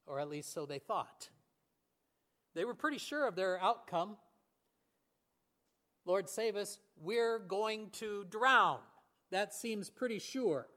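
A man delivers a sermon in a fairly high voice. He talks earnestly and stumbles over a few fillers. He often slows down and sinks to a near whisper on key words. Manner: earnest, with fillers and restarts, voice swings between hushed and raised. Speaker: pastor.

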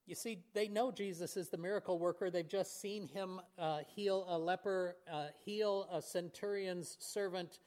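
A man delivers a sermon in a fairly high voice. He talks earnestly and stumbles over a few fillers. He often slows down and sinks to a near whisper on key words. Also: steady tone. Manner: earnest, with fillers and restarts, voice swings between hushed and raised. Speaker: pastor.

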